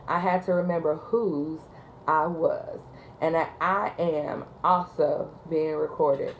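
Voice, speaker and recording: A woman's voice: fairly low pitch, fairly even intonation, takes it slowly, a little hiss or hum, poor audio. A woman who works as a 911 dispatcher, chatting casually with lots of ums and likes as she tells a storytime. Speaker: 911 call taker and dispatcher.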